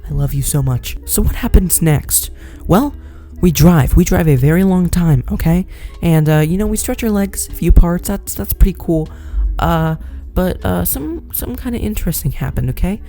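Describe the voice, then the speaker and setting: A young man telling a rambling, animated story in a casual vlog. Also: high voice, moderate pace, hardly any pauses, faint music behind. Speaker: vlogger.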